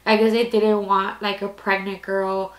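A woman's voice: medium pitch, level tone, a little slow. A woman in her twenties telling a personal story casually, rambling and candid, with lots of "like" fillers. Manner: candid, rambling, heavy use of "like". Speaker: storytime vlogger. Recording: echoey room.

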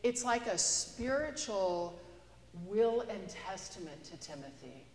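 A woman's voice: medium pitch, lively intonation, slow pace. A woman pastor preaching a sermon in a chatty, storytelling way, recorded in a church. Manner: conversational, storytelling with a joke. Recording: echoey church with long reverb.

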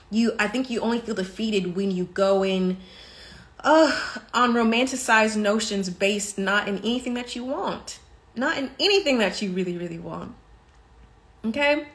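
A woman's voice: medium pitch, a little slow. A woman hosting a casual live stream, talking emphatically, repeating points for stress and laughing between them. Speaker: podcast host.

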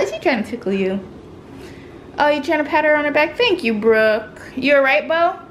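A woman's voice: sits high, expressive, moderate pace, roomy sound, background noise. Sing-song mother talking to toddlers. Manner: sing-song, coaxing baby talk with the toddlers. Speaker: vlogger and mother of triplets. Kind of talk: casual home vlog, talking to camera and toddlers. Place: home kitchen indoors.

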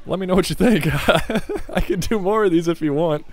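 Late at night at his desk, a tired and giggly young man gives casual, rambling commentary over a game he's playing. His voice is high-pitched and his pace moderate, picked up dry on a desk microphone.

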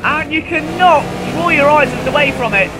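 A man commentating a live sim race, excitable and rising to near shouts at overtakes, his voice going hoarse. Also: extremely high pitch, normal speed, heavy background noise.

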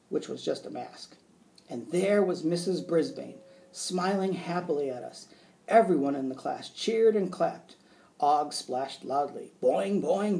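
A male teacher reading a children's book aloud with expressive narration. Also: on the high side, vocal fry.

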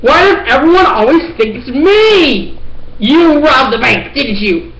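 A woman play-acting a homemade detective story, voicing every character in a playful, giggly way with sudden shouts. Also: high voice, animated, measured pace, rough recording. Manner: playful, giggly, breaks into shouts and silly voices. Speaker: performer voicing all the characters.

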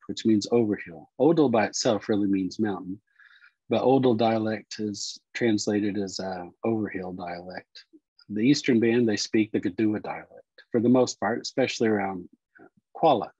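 A man teaching Cherokee words and culture, explaining slowly and repeating each word. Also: fairly low pitch, a little mellow, husky, no echo, muffled recording. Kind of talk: explanatory lesson talk.

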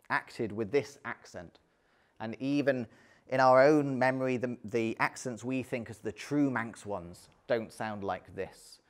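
A man giving an illustrated history talk, conversational, with frequent ums and dry little asides. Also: medium pitch. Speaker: lecturer.

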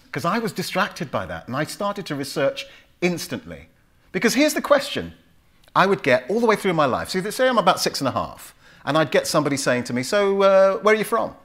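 A man's voice: on the high side, normal speed. A man in his fifties with a London accent, telling stories to an audience at a club event and acting out the voices in them. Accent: London English. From England. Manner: animated storyteller, acts out voices in dialogue. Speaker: author giving a talk. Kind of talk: storytelling speech to an audience.

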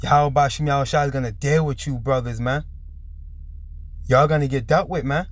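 A man with a mid-range voice speaks at a moderate pace, hosting commentary on a preaching video. He sounds slightly under the weather, talks with emphasis, and keeps finishing his lines with "man."

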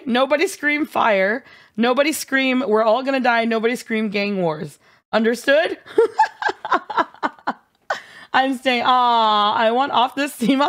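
A woman's voice: fairly high pitch, measured pace, fairly bright tone. A young woman streaming a game live, bubbly and giggly, with playful dramatic outbursts at her chat.

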